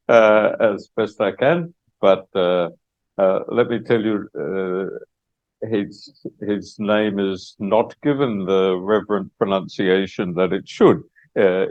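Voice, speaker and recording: An Australian man giving a public lecture as guest speaker, unhurried and with many hesitations. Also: lowish voice, muffled recording.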